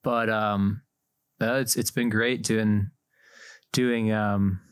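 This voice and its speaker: A man's voice: fairly low pitch, steady tone, slow, clean tone, no echo. A young man, a deacon, chatting casually on a podcast, laughing easily with lots of fillers. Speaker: deacon and seminarian, co-host. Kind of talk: casual chat.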